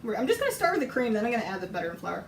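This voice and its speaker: Her hoarse voice giving out, a woman bakes on a live stream and chats very fast with huge pitch swings, rambling and laughing often. She sits far from the iPad mic in a roomy home kitchen, so the sound is lo-fi, with slight background noise and pans and cutlery clinking.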